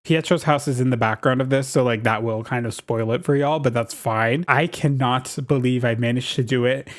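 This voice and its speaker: Excitable, chatty young-sounding man gaming. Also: mid-range voice, normal speed. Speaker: gaming YouTuber. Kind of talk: casual gameplay commentary.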